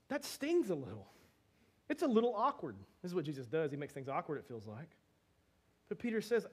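A man with a high-pitched voice delivers a lively sermon. He talks to the congregation conversationally, acting out the dialogue with humor. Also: fairly quick. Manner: animated, acts out dialogue with laughs and asides. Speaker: pastor.

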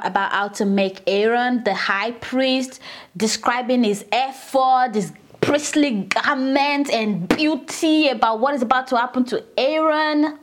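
A woman leading a casual Bible study, retelling scripture with animated, indignant asides. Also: on the high side.

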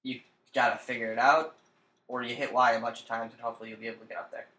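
Young man, gaming podcast co-host, taunting and profane, bright tone, roomy echo. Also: mid-range voice, flat delivery, racing. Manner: taunting, profane, keeps daring his friend. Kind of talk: casual gaming chat.

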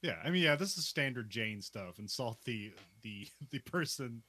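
Laughing, bright-toned man talking TV. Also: medium pitch, expressive, normal speed, no echo. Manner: laughs often, loose chatty retelling. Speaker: podcast co-host. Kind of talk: casual TV recap chat.

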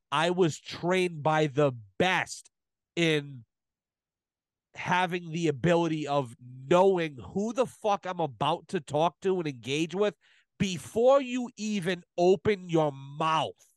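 Podcast guest, male, slightly high voice, dry close sound, swears constantly and tells stories with emphasis. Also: dry recording. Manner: profane, emphatic storytelling. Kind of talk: casual podcast chat.

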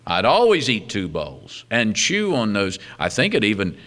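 A man preaching a sermon, reading scripture aloud and adding humorous asides. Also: moderate pace. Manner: animated preaching with wide swings in pitch and loudness. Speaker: pastor.

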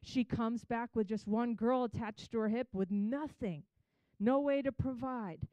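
A woman's voice: on the high side, measured pace, dark tone, no echo, dull audio. A woman giving a chatty, conversational Bible teaching, retelling scripture in her own words.

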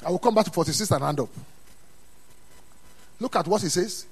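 A man preaching a sermon in a church, dropping to quiet asides and then rising to loud, emphatic calls. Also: high-pitched, brisk, breathy edge. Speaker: pastor.

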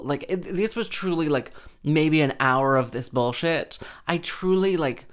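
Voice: mid-range voice, clear, resonant tone. A wedding harpist telling an exasperated, sweary, sarcastic story in casual rant style.

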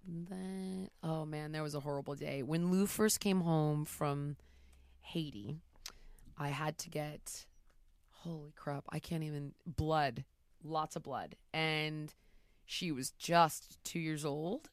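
Woman, blunt and profane, animated storytelling, casual interview, dry close sound. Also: deep voice, slow pace, no room sound. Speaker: podcast host answering rapid questions.

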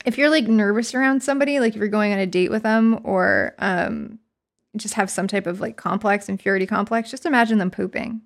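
A woman co-hosting a casual chat, playful and joking, laughing often. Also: a little fast. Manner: playful, laughs often, mimics people in a high voice. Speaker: podcast co-host, musician.

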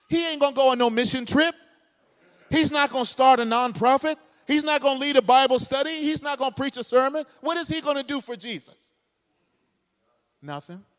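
A man preaches with fervor from the pulpit, his voice pitched strikingly high for a man. He fires off rhetorical questions and climbs into shouts. A long reverb from the church hall trails each phrase. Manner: impassioned, builds to shouting, rapid rhetorical questions. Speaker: pastor. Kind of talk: sermon. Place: church sanctuary, live congregation.

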